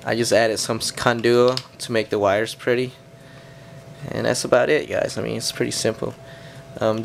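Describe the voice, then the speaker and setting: A hoarse man, losing his voice, talking casually to his subscribers in a halting way with many pauses and fillers. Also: fairly low pitch, slight background noise. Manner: halting, many pauses and fillers, keeps addressing viewers as guys. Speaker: hobbyist vlogger. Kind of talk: casual DIY video chat to subscribers.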